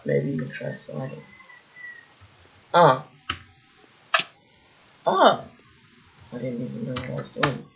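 A woman plays a parkour map and gives casual let's play commentary packed with exasperated exclamations and self-mocking asides. Her voice is very deep with big pitch swings, at normal speed with frequent pauses. The recording is muffled with a little hiss or hum.

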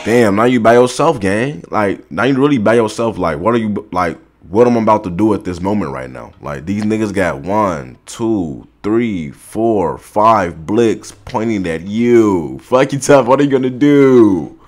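Young adult male reaction host, low-pitched, casual slang, excitable commentary. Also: measured pace, hardly any pauses, soft background music. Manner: excitable, slangy, talks straight at viewers and the video.

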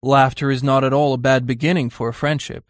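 A man voicing a witty, cynical young aristocrat in an audiobook, talking in a lively and amused way. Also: mid-range voice, fast, no room sound, clean studio sound, lightly acted.

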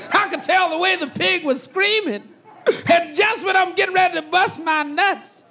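A man telling a raunchy stand-up story with a loud, shouting delivery. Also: extremely high pitch. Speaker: stand-up comedian.

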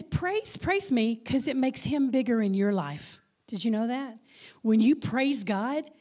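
A middle-aged woman with a Texan accent preaches as a guest speaker, her voice sitting a little high. She talks to the congregation in a lively, conversational way and drops into hushed whispers for effect. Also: slightly rough. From Texas. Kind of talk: sermon.

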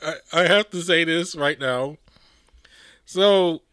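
A man's voice: on the high side, takes it slowly, a bit bright, clean tone. A man commenting on a story game in a playful, incredulous way, laughing often and exclaiming at what he sees. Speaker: gaming video creator.

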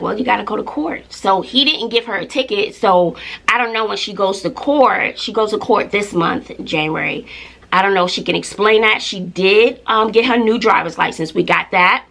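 A woman's voice: mid-range voice, vocal fry, fairly bright tone. A middle-aged woman, chatting casually to her viewers in an emphatic way, repeating herself and often laughing. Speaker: vlogger, mother. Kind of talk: casual chat to camera.

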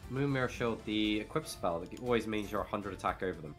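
A low-voiced man talks quickly through his own card game match, explaining plays in a matter-of-fact way. Faint music plays in the background. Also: fairly bright tone. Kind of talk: casual game commentary.

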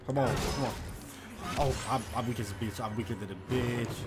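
A young man giving casual, profanity-heavy commentary while playing a video game, swinging from low muttering to sudden loud outbursts. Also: steady tone, fairly quick, over loud music. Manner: swings from mumbling to yelling, heavy swearing. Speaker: gamer. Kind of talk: live gameplay commentary.

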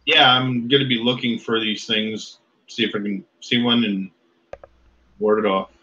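A man's voice: lowish voice, steady tone, unhurried, pushed and bright. A tabletop player who asks the game master questions with a little hesitation. His voice comes through muffled, lo-fi voice chat. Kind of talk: casual tabletop game talk. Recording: dull lo-fi voice chat audio.

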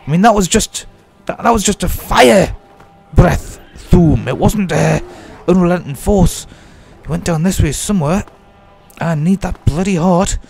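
A man's voice: high voice, measured pace, vocal fry, a little mellow, husky, soft background music. A man giving chatty, jokey commentary as he plays a game and talks to himself. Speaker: let's play host. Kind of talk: casual gameplay commentary.

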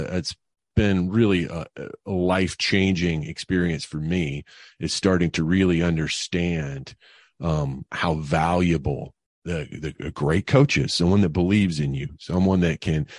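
The clean studio recording has no room sound, capturing a low, slightly mellow male voice. He's a middle-aged financial advisor chatting casually as a podcast guest, enthusiastically rambling through stories packed with fillers.

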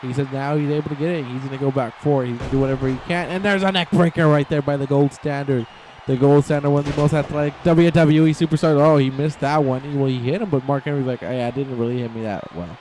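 A man giving excitable, rambling play-by-play commentary over a wrestling video game, shouting on the big moves. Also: fairly high pitch, fast, a little hiss or hum.

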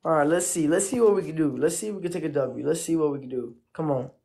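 A man with a gravelly, mellow voice talks loosely on a live stream. He thanks his viewers one by one for their gifts and eggs the chat on to keep them coming. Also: fairly high pitch, fast. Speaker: livestreamer. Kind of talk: casual live-stream chatter.

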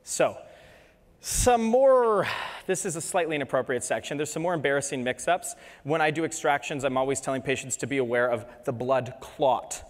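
A man's voice: medium pitch, normal speed. A man with a Canadian accent, a dentist giving a chatty, joking lecture to dental students. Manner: chatty and joking, animated asides. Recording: long hall reverb.

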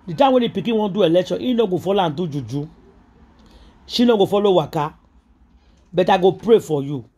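Her mid-range voice is husky and darkish. This Nigerian woman runs a gossip vlog, offering casual celebrity commentary in an emphatic, repetitive, preachy manner and mixing in Pidgin.

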